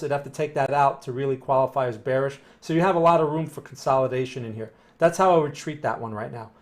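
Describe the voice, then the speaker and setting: A man giving casual live-stream chart analysis and answering viewer questions, thinking aloud with frequent "right?" and "okay?". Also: mid-range voice.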